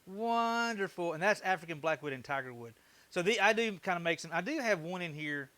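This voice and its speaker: A man's voice: a little high, animated, fast, bright, forceful tone, no echo. A middle-aged man chatting casually on a live stream while working in his wood shop, joking and thanking viewers. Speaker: woodworking streamer.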